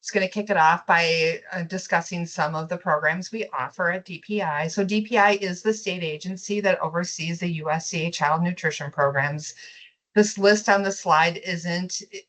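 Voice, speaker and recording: A woman with a low voice presents school meal programs in an online meeting. She explains each program in a friendly, steady way, with an occasional filler. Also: moderate pace, poor audio. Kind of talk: webinar presentation.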